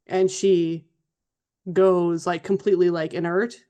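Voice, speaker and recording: A woman's voice: lowish voice, flat delivery, measured pace, warm tone, clear, resonant tone. A woman narrating as game master of a tabletop role-playing game, chatty and loose, with fillers and restarts.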